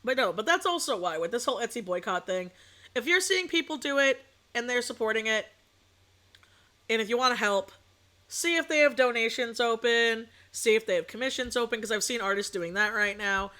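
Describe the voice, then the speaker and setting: Bright-voiced ranting streamer woman. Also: on the high side, brisk. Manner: ranting, animated, swears casually, laughs between points. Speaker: VTuber streamer. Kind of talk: casual livestream chat.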